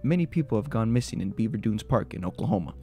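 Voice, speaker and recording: A video host with a low, creaky, animated voice runs through urban legends at a quick pace. His spooky retellings are broken up by joking reactions, and gentle music sits in the background.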